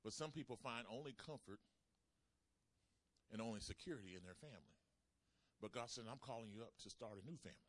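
A man preaching a sermon, calling out to the congregation and swinging between loud emphasis and soft asides. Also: medium pitch, quick pace, long pauses, no room sound. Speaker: pastor.

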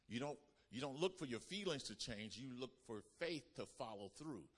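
A male pastor preaching a sermon with call-and-response, swinging between loud emphatic lines and hushed, quiet ones. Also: mid-range voice, big pitch swings, moderate pace, hardly any pauses. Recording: reverberant hall.

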